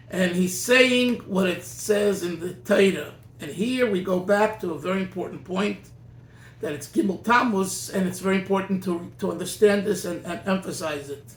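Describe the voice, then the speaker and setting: Emphatic man teaching in an echoey room. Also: high voice. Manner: emphatic, animated, many restarts. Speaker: rabbi giving a farbrengen talk. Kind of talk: sermon-like teaching talk.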